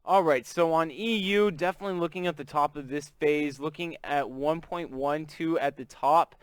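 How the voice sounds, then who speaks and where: Man with a Southern accent, trading stream host, slightly high voice, smooth and clear, dry close sound. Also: normal speed, no echo. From Texas. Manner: chatty, greets viewers warmly by name. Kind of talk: casual live-stream chat.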